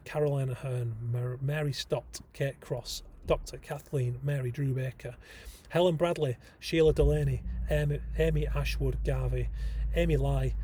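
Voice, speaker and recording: Enthusiastic man hosting a podcast, mellow voice. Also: medium pitch, slight background noise. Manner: enthusiastic, rambling, with frequent ums and asides. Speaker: podcast host. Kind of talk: casual solo podcast talk.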